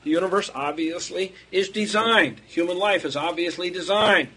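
A man's voice: high voice, moderate pace, pushed and bright, husky. A man giving an unscripted theology lecture, rambling and digressive, chuckling at his own asides.

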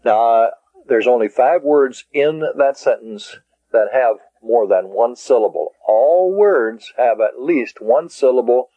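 A man teaching a taped language lesson, speaking deliberately and spelling words out syllable by syllable. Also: mid-range voice, lively intonation, warm tone, no echo. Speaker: Greek teacher. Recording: dull lo-fi cassette tape.

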